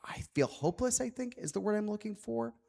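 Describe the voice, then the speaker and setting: A man's voice: sits high, lively intonation, fast, vocal fry, warm tone. A man speaking as an author at a public book talk, earnest and reflective, with many "like" fillers.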